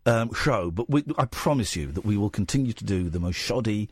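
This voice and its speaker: Joking husky-voiced radio host man. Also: fairly low pitch, lively intonation, a little fast, no echo. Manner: joking, rambling, lots of restarts. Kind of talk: late-night radio chat. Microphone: studio microphone.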